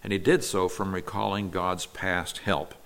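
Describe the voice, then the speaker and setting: A man's voice: sits low, little pitch movement, unhurried, a bit bright. A man giving an earnest expository Bible lesson, explaining verses patiently with small restarts. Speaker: Bible teacher.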